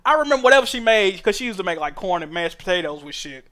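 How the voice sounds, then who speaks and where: A young man streaming a game, telling stories in animated, profane slang. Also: high-pitched, fast talker. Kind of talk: casual chat while gaming.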